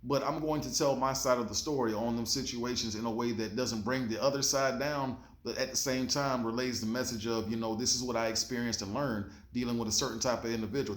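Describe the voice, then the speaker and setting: Host, male, mid-pitched, casual slangy pep talk full of cursing, roomy echo. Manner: laid-back, slangy, swears freely, preachy. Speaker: show host. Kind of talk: motivational talk to camera.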